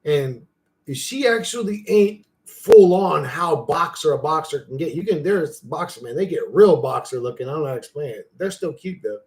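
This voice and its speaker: A man's voice: expressive, moderate pace, darkish tone. A young man hosting a casual livestream, rambling, swearing freely, and answering his viewers' chat. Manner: rambling, profane, talks to his dog in a high playful voice. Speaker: livestream host.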